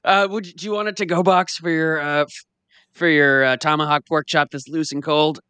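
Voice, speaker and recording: Guy doing a frantic hurt diner, bright crisp voice, dry close sound. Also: fairly high pitch, fairly even intonation, a little fast, no room sound. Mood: flustered. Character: bleeding, desperate injured diner, adult man. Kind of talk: improv comedy.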